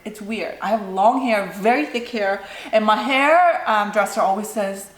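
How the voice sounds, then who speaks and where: A woman's voice: medium pitch, moderate pace. A young woman vlogger answering viewer questions in a casual, rambling chat, full of "like" and "you know". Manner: chatty, lots of "like" and "you know". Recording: echoey room.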